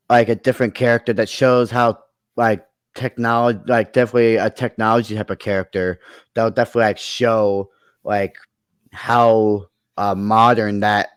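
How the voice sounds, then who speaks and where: In fairly even intonation and at a normal speed, a man with a fairly low, clean-toned voice rambles through movie ideas he's pitching in a casual chat. He uses many fillers and keeps restarting his sentences. There is no echo.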